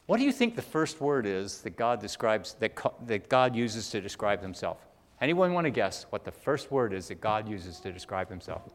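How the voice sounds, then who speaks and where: Man preaching a sermon in a reverberant hall. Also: mid-range voice. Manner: preacher who swings from loud, climbing emphasis to quiet and intimate. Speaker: pastor.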